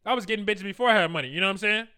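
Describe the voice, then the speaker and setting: In a high, racing voice that sounds pushed and bright, a man gives crude, boastful dating advice. His casual monologue is packed with slang and laughter, and he acts out his own conversations as he goes.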